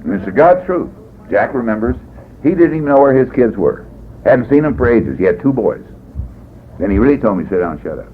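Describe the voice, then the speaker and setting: A man's voice: mid-range voice, very animated, fairly quick, long pauses. A man from California speaking at a recovery meeting, telling his story in a folksy, rambling way, often adding "boy" and "you know.". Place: meeting hall. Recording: tinny phone-like 1980s tape, faint hiss.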